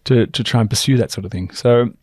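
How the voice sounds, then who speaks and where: A man's voice: mid-range voice, fast talker, darkish tone, no echo. A man co-hosting a finance podcast, explaining things in an easygoing way with dry humour. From Australia. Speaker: podcast co-host, financial planner. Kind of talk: casual chat.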